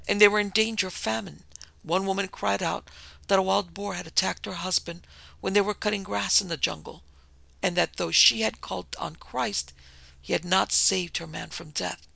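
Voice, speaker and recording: Reader voicing a missionary woman, frightened, hushed, earnest, gravelly, bright. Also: mid-range voice, dry recording, heavily acted, low-quality recording. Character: frightened woman missionary recounting her ordeal. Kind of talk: audiobook reading.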